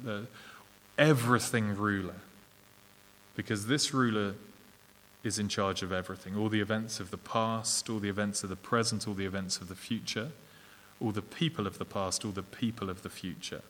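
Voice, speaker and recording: A man's voice: lowish voice, fairly bright tone. English-accented man preaching in a reverberant hall. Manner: earnest, measured, with fillers and restarts. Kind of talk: sermon. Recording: long reverb of a large hall.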